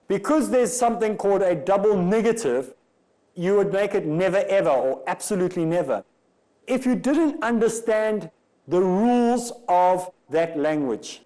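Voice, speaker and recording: A man's voice: sits high, animated, normal speed, mellow, poor audio. A man from Africa, giving a religious lecture and arguing through rhetorical questions. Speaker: Islamic lecturer.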